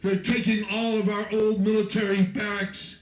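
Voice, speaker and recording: An American man giving a fiery, profane, shouting rally speech to a festival crowd from an outdoor stage. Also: high voice, little pitch movement, normal speed, roomy sound, faint music behind, poor audio. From United States. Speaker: activist speaker at a festival.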